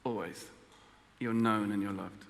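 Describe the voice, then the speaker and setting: An Englishman giving a personal testimony talk, telling a story with self-deprecating humor and halting restarts. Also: on the low side, fairly even intonation, creaky, big-room sound. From England. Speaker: guest speaker.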